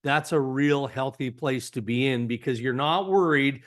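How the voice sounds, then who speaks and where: Canadian guy on a hockey podcast, steady analytical talk, lots of "you know", middle pitch. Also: normal speed. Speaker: hockey insider guest. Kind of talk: podcast interview.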